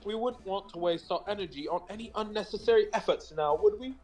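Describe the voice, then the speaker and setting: A man voicing a smug, polite young henchman who speaks in a slow, mannered way for a game fan dub. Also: high voice, a little mellow, soft background music, close to an everyday voice.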